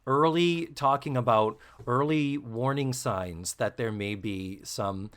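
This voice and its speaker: A man hosting a podcast, recapping a sitcom episode in casual, animated and profane chat. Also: slow pace. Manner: animated, profane, breaks into squeaky mock voices. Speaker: podcast host.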